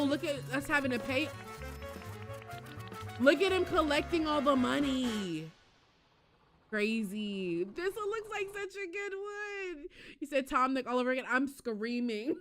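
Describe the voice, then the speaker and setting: A woman streamer reacting live to a game showcase, excitable, with loud exclamations and frequent laughter. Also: high voice. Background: showcase music.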